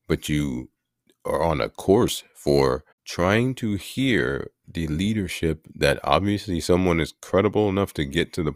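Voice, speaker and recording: A man's voice: extremely low pitch, no room sound, studio quality. A man hosting a podcast, talking through current issues in a rambling, irritated monologue with frequent restarts. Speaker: podcast host. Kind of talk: casual opinion monologue.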